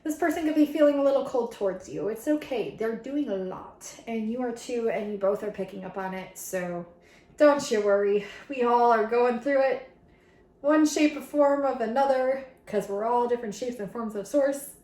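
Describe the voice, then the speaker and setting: A woman's voice: on the high side, normal speed, mellow. A woman tarot reader talking casually and ramblingly to her viewers, swearing now and then as she wraps up a reading. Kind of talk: casual channeled reading wrap-up. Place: room at home. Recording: echoey room.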